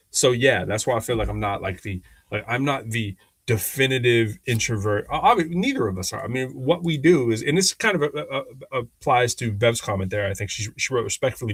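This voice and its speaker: A man in easy conversation on a podcast, his voice dry and close to the mic with no room sound. He rambles through his stories with restarts and fillers and slips into lively impressions of the people he quotes. His pitch sits in a plain middle range. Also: breathy edge, dry recording. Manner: animated, acts out quoted people in changing voices. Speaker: podcast co-host. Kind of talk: casual conversational storytelling.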